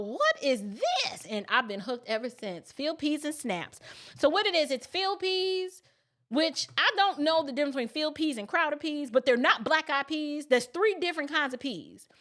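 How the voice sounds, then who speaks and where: Chatty middle-aged woman hosting a casual livestream, slightly high voice, folksy and talking straight to viewers. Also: lively intonation, normal speed, bright, forceful tone. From New York City. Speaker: livestream host.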